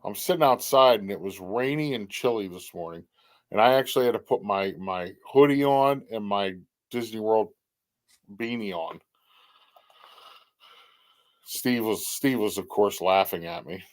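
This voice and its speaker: A man's voice: on the low side, a little slow. A middle-aged man hosts a casual livestream. He greets viewers by name in a friendly way and gives his opinions bluntly. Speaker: livestream host. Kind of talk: casual chat.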